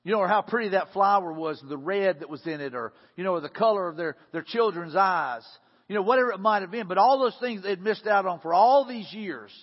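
A man preaching a sermon in a casual, conversational way, repeating words and swinging between loud and hushed delivery. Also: sits high, a little fast, breathy edge. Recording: dull sound with long reverb.

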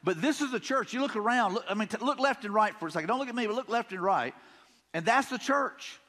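Southern pastor, folksy and high-voiced. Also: male voice, animated, rapid-fire, sharp tone, long reverb tail. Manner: conversational, folksy, repeats himself, paraphrases scripture casually. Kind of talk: sermon. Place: church sanctuary.

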